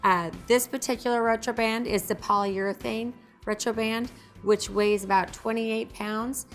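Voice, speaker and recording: Woman, slightly hoarse, upbeat presenter, product walkthrough, faint music. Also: on the high side, steady tone, normal speed. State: a little hoarse. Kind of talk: product demonstration. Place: company facility in Texas.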